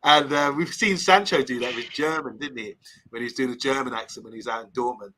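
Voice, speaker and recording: A man's voice: mid-range voice, quick pace, pushed and bright, poor audio. A man hosting a casual live stream, reading viewer comments aloud and rambling between topics. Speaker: host.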